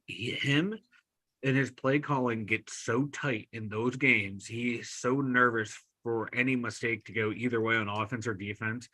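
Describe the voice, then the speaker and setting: A Pittsburgh man co-hosting a sports podcast, his voice bright and forceful with a husky edge. He rambles excitedly, tossing out jokes and swear words and restarting his sentences as he goes. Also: medium pitch, measured pace. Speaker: podcast co-host. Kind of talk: casual sports banter.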